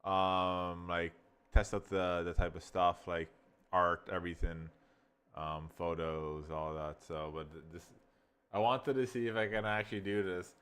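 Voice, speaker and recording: Man, fairly low voice, casual software review, rambling, excitable, swears a lot. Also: unhurried, clean tone. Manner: rambling, excitable, swears, calls the viewer bro. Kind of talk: casual screen-recording review.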